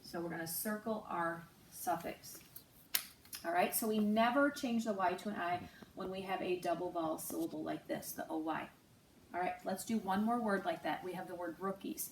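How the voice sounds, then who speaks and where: A woman teacher giving a slow, patient online phonics lesson, spelling out letters and sounds. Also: on the low side. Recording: roomy, distant mic with faint noise.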